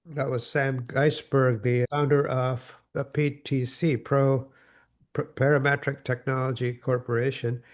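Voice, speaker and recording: A man's voice: mid-range voice, flat delivery, unhurried. A man hosting an interview who prompts his guest with curious follow-up questions. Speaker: interview host. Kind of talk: conversational interview.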